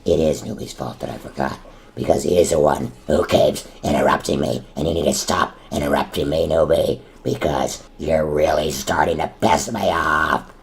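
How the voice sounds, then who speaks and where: A man voicing a hot-tempered, gruff man who grumbles and blusters in comedic gaming banter. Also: steady tone, brisk, exaggerated voice. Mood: furious. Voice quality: very deep, gravelly.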